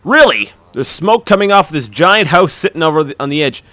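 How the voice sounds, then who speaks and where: A man's voice: fairly high pitch, very animated, a little fast, pushed and bright, dry recording. A man voicing a cheerful, polite young girl explorer in a video game, reading her lines in an earnest, apologetic way.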